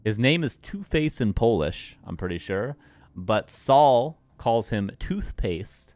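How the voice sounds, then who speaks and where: A man's voice: mid-range voice, sing-song, slow, a little mellow, no room sound. A man casting game replays live, joking and chatting with his viewers as he goes. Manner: joking, playful, chats with viewers. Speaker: caster.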